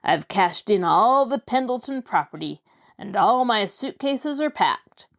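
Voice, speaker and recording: A woman's voice: mid-range voice, animated, unhurried. A woman voicing a ruthless, boastful male crook who sneers and gloats. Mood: gloating.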